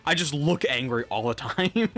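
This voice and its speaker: Young male streamer, lively and bright, swears a lot and rambles, rather high voice. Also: unhurried, faint music behind. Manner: rambling, profane, laughs often. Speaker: live streamer. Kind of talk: casual gameplay chatter.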